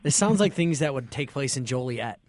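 A man hosting a casual radio chat, reacting with quick jokes and easy laughter. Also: medium pitch, expressive, a little mellow. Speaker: host.

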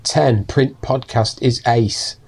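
A man's voice: medium pitch, takes it slowly, creaky, darkish tone, slightly rough. A man co-hosting a podcast in easygoing casual chat, reading listener emails aloud. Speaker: podcast co-host.

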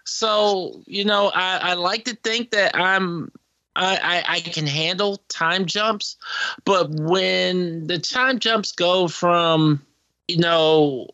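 A man's voice: sits high, sharp tone, no room sound, lo-fi sound. A man co-hosting a podcast, speaking casually and hesitantly, with frequent laughs. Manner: hesitant, halting, laughs often. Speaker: podcast co-host. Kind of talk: casual chat.

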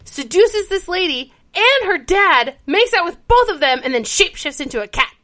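A woman co-hosting a casual chat, retelling a TV episode with lively storytelling and acted-out quotes. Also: very high voice, normal speed, noisy background. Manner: animated storytelling, acts out character quotes. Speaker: podcast co-host.

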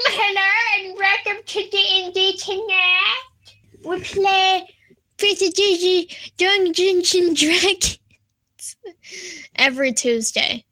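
A woman voicing a creepy man who introduces the show, drawing her words out slowly and slipping into whispers. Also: high-pitched, bright, forceful tone.

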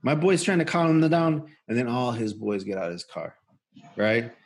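A man's voice: mid-range voice, expressive, normal speed, slightly rough. A man co-hosting a podcast, telling a rambling, profane story with lots of fillers and restarts. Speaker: podcast co-host. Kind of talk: casual storytelling.

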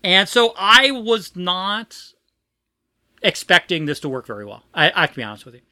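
Woman, casual podcast chat, piercingly bright tone, dry close sound, chatty and self-interrupting. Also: lowish voice, very animated, normal speed, dry recording. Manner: rambling, chatty storytelling with frequent laughs.

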